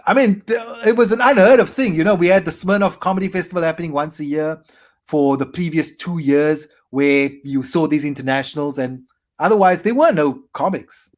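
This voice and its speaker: A South African man in his forties, a comedian guest, telling animated stories with quick asides. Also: on the high side. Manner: animated anecdotes with quick asides and playful acted quotes. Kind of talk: storytelling interview.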